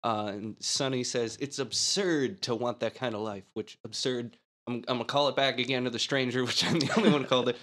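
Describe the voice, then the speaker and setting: Male podcast co-host, mid-pitched, rambling film recap with frequent laughs. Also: steady tone, brisk, fairly bright tone. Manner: laughs often, rambling recap with quoted lines. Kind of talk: casual chat recapping a film.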